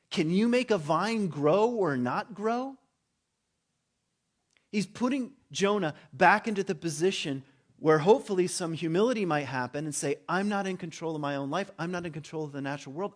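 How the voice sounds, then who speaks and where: A man giving a relaxed, conversational sermon. His voice sits a touch higher than most men's. He slips into the voices of the people in his story and drops low for asides. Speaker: pastor.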